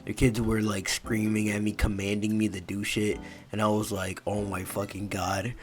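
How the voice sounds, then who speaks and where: A man's voice: fairly low pitch, level tone, normal speed, soft background music. A young man narrating a casual story in a laid-back, profane way, full of fillers.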